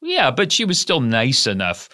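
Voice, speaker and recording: Bright-voiced playful man. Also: medium pitch, wildly swooping pitch. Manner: playful, quick to rise in mock outrage. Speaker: podcast guest. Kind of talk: casual comedic chat.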